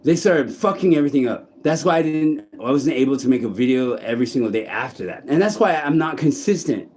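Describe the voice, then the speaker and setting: Man, vlogger, outdoors in a park, candid monologue, halting restarts, swears a lot, mid pitch. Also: lively intonation, darkish tone, slightly rough.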